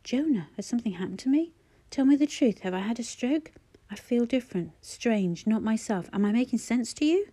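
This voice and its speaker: Woman reading as a frightened, proud middle-aged dad; urgent, pleading, mellow tone. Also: medium pitch, normal speed, close to an everyday voice. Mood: anxious.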